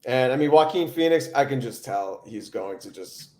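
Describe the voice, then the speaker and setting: A man's voice: mid-range voice, animated, normal speed, darkish tone, echoey room. A man hosting a casual film podcast chat, rambling with many fillers and restarts. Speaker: podcast host.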